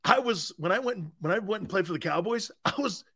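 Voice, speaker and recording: A middle-aged man hosts a sports talk show, bantering casually in radio style, joking and laughing often and drifting into rambling asides. His voice is high, animated and slightly rough, with a sharp tone and a fairly quick pace.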